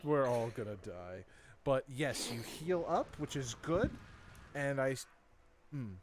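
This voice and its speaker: A man's voice: medium pitch, expressive, a little slow. A man narrating as dungeon master of a tabletop game, laid-back, thinking aloud and chuckling.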